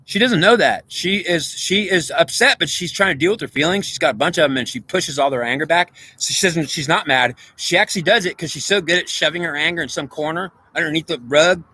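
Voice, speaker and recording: Man, rambling spiritual monologue, repeats himself, asks if you understand, bright edgy tone. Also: on the high side, a little fast, few pauses, breathy edge, dry recording, low-quality recording. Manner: frequent restarts and stammered repeats.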